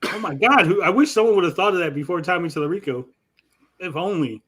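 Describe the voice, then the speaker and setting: A man's voice: sits high, fast, a bit bright. A man hosting a stream, cursing and mocking the video with his co-hosts. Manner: profane, mocking. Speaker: stream host. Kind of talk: crude casual banter.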